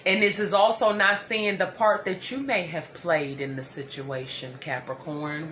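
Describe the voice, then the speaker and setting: A woman giving a collective tarot reading, sometimes slow and soothing, sometimes playful with slang. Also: on the low side, fairly even intonation, background noise. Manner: earnest, slow and soothing, with repeated phrases; playful slang and loud laughing. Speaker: tarot reader.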